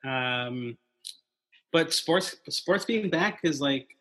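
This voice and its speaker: A man, a comedian appearing as a podcast guest, speaks with a bright, forward tone. He talks in a halting way, full of restarts and filler words, as he chats casually. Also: a little high, animated.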